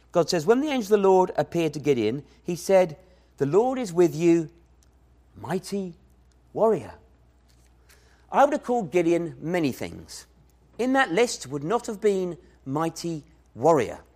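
A man preaching a sermon, telling a Bible story in an animated way and acting out the voices he quotes. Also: a little high.

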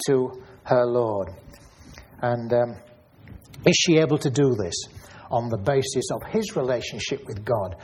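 A man's voice: medium pitch, slight background noise. A man preaching a Bible study sermon, thinking aloud and asking questions, often repeating his words.

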